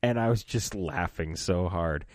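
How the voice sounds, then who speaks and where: Podcast co-host: a man with a lowish voice, animated and quick to laugh, recorded dry and close. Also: no echo. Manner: animated, laughs often, restarts sentences. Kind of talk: casual chat recapping an audio drama.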